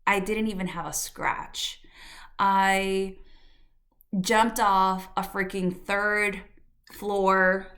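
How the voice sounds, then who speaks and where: Slow, reflective woman podcast host. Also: mid-range voice, level tone, fairly bright tone. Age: adult. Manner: slow, reflective, candid with fillers and laughs. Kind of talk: personal storytelling.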